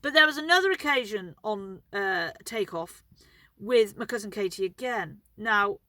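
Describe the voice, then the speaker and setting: Chatty woman, bright voice. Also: mid-range voice, animated, normal speed, no echo. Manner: rambling, chatty, swears freely, laughs at herself. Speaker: vlogger telling stories. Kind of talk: casual anecdotal storytelling.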